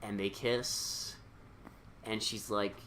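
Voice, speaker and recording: A man co-hosting a podcast, retelling a film's plot in casual, profane chat with quick quoted lines. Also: fairly low pitch, flat delivery, fairly bright tone, slight background noise. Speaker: podcast co-host. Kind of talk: casual movie recap chat.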